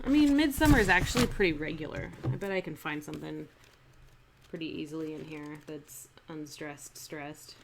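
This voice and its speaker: A woman teaching Shakespeare verse in a live-streamed lesson, explaining in an unhurried way with fillers and restarts. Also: sits low, noisy background. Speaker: acting teacher.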